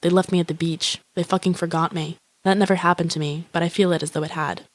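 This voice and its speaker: An actress voicing the deadpan, profane inner monologue of a lonely, grandiose young woman who wishes to be eaten by a shark. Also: lowish voice, fast, no echo, lightly acted. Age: young adult. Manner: flat, profane, self-absorbed musing.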